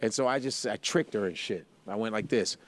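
A man's voice: lowish voice, a little fast, a little hiss or hum. A man co-hosting a comedy podcast, trading crude jokes and telling stories with lots of laughter. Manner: joking, laughs a lot, tells stories. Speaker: podcast co-host. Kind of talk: crude casual comedy banter.

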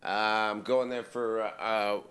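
Brief: male comic co-host, crisp, bright voice, rambling deadpan anecdotes, casual. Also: lowish voice, a little slow. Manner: rambling, deadpan storytelling with acted quotes. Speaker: podcast co-host. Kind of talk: casual comedic chat.

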